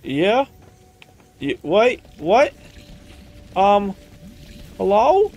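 Chatty gamer talking to the screen. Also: male voice, sits high, huge pitch swings, extremely slow, darkish tone. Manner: chatty, talks to the game, exclaims and mutters; playful put-on country accent. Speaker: gaming streamer. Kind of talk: casual let's-play commentary.

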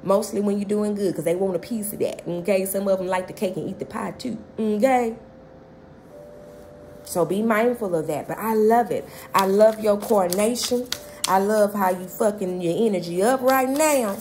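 A woman's voice: mid-range voice, moderate pace, a little mellow, a little hiss or hum. A woman giving a casual tarot reading from inside a car. She is chatty and swears freely, and often checks in with "okay?". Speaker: tarot reader. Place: inside a car while traveling.

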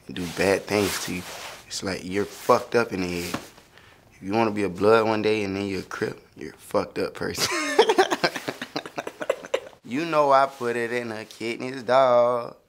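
A man's voice: fairly low pitch, normal speed, pauses often, fairly bright tone, a little hiss or hum. A young man talking casually through his own song lyrics, loose and laughing, slipping into sung lines now and then. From Florida. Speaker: rapper explaining his lyrics.

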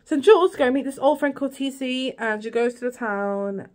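A woman's voice: sits high, normal speed, a little mellow. A woman vlogging a casual, rambling recap of a TV series, full of "like" and "girl" asides.

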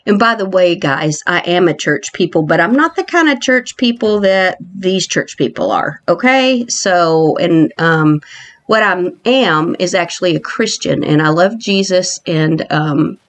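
A woman narrates a video game island tour in a casual, chatty way, laughing often at her own jokes. Her pitch swoops widely as she squeals in playful mock fright, and she draws her words out slowly. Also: animated. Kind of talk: casual gameplay commentary.

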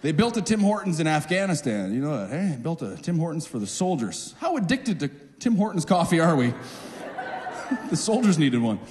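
Male comic, wry conversational tone, lively pitch. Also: moderate pace. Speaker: stand-up comedian. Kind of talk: stand-up comedy.

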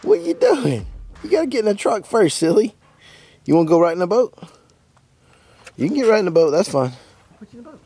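A man talking to his dog outdoors in a high, excited baby-talk voice. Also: fairly quick, long pauses, husky, faint music behind, heavily acted. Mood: doting. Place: outdoors by a truck and boat.

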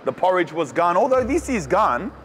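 An Australian man reviewing food in a casual vlog, talking in an excitable, slangy way. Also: sits high, moderate pace, a little hiss or hum. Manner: slangy and excitable, calls the viewer "cuz". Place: cafes and city streets.

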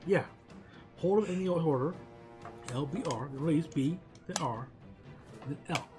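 A man co-hosting a casual game playthrough, joking, laughing often and breaking into excited exclamations. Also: a little high, a little slow, music in the background. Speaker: let's play co-host. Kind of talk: casual gameplay chat.

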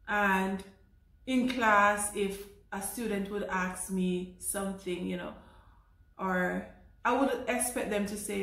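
Jamaican woman teacher, chatty vlogger, animated storyteller with easy laughs, roomy echo. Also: mid-range voice, slow, vocal fry. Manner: animated, laughing, repeats words. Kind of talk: casual vlog storytelling. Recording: echoey room.

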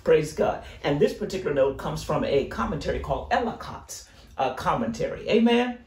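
Man, Bible teacher, fervent preaching, animated voice, roomy echo. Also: a little high, brisk, distant mic. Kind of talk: Sunday school teaching.

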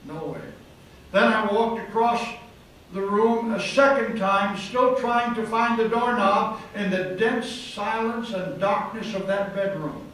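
A man's voice: sits high, slow, a bit bright. A male preacher telling a dramatic story in a sermon, recorded in a hotel event hall. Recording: echoey hall from far off, faint noise.

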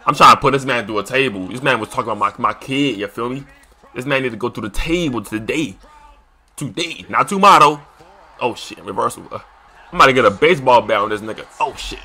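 A young man commentating a wrestling video game as he plays it, excitable and slangy, shouting and trash-talking at the screen. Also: medium pitch, fast. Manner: loose slangy casual speech. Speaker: gaming YouTuber. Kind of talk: live gameplay commentary.

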